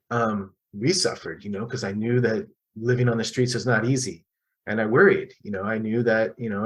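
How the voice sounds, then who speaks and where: A middle-aged man telling his personal recovery story at a support group meeting, halting and candid, with frequent restarts and pauses. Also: medium pitch, low-quality recording.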